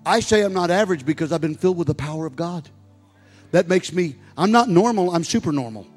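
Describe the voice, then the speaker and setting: Brief: man in his sixties, pastor, fairly high voice, preaching with long church reverb and soft music behind. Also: lively intonation, fast. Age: 60s. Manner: preaching, rising to loud exhorting. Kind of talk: sermon. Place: church sanctuary.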